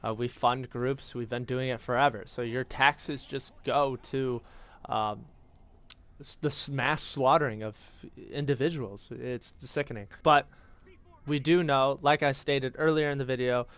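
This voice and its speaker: Us guy yapping about history while gaming, smooth clear voice, swears a lot, tons of ums and uhs. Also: mid-range voice, fairly even intonation, measured pace, a bit bright. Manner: rambling, profane, heavy on fillers. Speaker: gaming YouTuber. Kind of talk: casual history commentary over gameplay.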